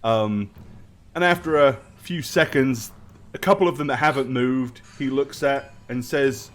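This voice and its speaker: A man's voice: medium pitch, a little slow, a bit bright. A man narrating a tabletop role-playing game as game master, casual and loose with fillers. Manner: casual, with many fillers and laughs.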